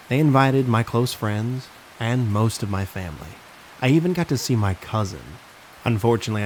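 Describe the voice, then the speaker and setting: A man hosting and narrating true horror stories in a slow, ominous scripted delivery. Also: lowish voice, poor audio. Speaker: horror story narrator and host. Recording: faint hiss with rain sounds.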